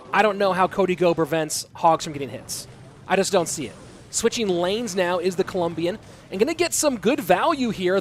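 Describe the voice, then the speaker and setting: A man casting live esports play-by-play, chatty and reading out viewer messages between plays, getting excited at big plays. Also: high-pitched, a little hiss or hum. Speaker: esports caster and stream host. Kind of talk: live play-by-play game commentary.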